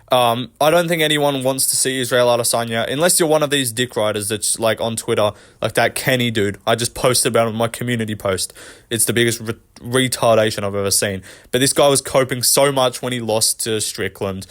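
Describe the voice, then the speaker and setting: A man's voice: mid-range voice, fairly bright tone. A young man hosting a commentary vlog, ranting with frequent swearing and exasperation. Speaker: MMA commentary channel host.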